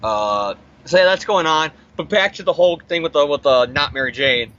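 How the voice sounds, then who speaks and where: A man casually recapping a comic book on a podcast, animated and profane, acting out the characters' lines. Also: a little high, normal speed, dull audio. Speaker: podcast co-host.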